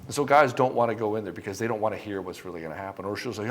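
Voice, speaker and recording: A man's voice: lowish voice, rapid-fire. A man giving dating advice straight to the camera, blunt and emphatic, with frequent swearing. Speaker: dating coach. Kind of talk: direct-to-camera advice monologue.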